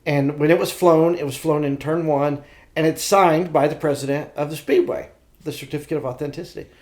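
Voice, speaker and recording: A man from Indiana hosts a casual podcast, his voice sitting a little high and sounding sick. He tells stories animatedly and keeps restarting his sentences. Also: a little fast. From Indiana, USA. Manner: animated storyteller with frequent restarts. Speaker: podcast host. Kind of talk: casual chat.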